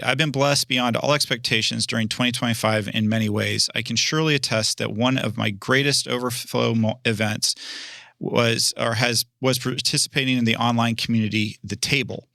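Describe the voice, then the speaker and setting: A man's voice: medium pitch, gravelly, pushed and bright, no room sound, clean studio sound. A man with a Southern accent reading a listener letter aloud on a church podcast, in a playful, self-mocking way. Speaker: podcast co-host.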